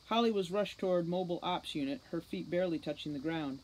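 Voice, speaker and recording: A woman reading a novel aloud with steady, measured narration. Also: on the low side, low-quality recording. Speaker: audiobook reader.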